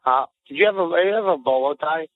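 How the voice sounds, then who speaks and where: A man co-hosting a podcast, telling boastful stories in animated, casual banter and quick to get riled. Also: a little high. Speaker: podcast co-host. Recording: phone-like lo-fi audio.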